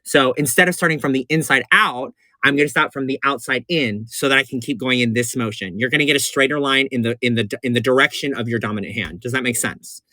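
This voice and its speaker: A man's voice: medium pitch, fast talker, few pauses, pushed and bright, no room sound, studio quality. A man who performs in drag, giving a campy, chatty makeup tutorial on a livestream and calling his viewers honey and baby. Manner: gushing and repetitive.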